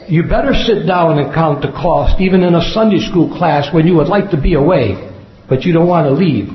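A man with a fairly high voice preaches a sermon in earnest, repeating key phrases to drive them home. The recording is dull and lo-fi, and his voice rings out in a large echoing hall. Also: slight background noise. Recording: echoey hall, dull lo-fi sound.

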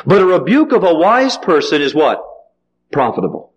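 High-voiced preacher quizzing the congregation. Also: male voice, sing-song, normal speed, highs cut off. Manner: call-and-response questions to congregation; dramatic swings in pitch and pace. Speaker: pastor. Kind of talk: sermon.

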